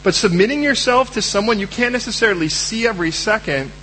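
Animated high-voiced male preacher. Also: quick pace, a little hiss or hum, low-quality recording. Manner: animated, acts out voices of Bible figures. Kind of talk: sermon.

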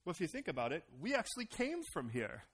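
A middle-aged American man preaching a sermon as pastor, animated and acting out other people's voices. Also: high-pitched, quick pace, slightly rough. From United States.

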